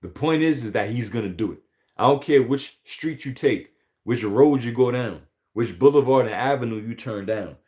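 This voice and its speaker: A man giving an informal scripture teaching, emphatic and profane, often pausing to ask "all right?". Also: mid-range voice, lively intonation, darkish tone. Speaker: religious teacher.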